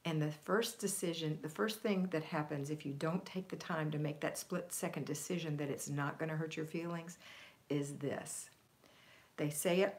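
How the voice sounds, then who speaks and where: A woman with a somewhat low-pitched voice hosts a live homemaking stream. She talks in an emphatic, upbeat coaching tone and reads out viewer comments in a casual, chatty way. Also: moderate pace. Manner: reads viewer comments aloud and answers them. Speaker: homemaking livestream host. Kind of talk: live motivational chat, reading viewer comments.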